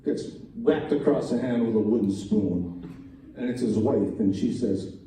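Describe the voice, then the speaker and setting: A man tells jokes at a talent show in an easy, folksy storytelling way, slipping into small voice shifts for each character. His voice is low and very mellow. He is heard from far off in a strongly echoing hall, with faint room noise behind him. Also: measured pace. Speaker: joke teller at a college talent show. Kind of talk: stand-up joke telling. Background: faint room ambience, audience laughs.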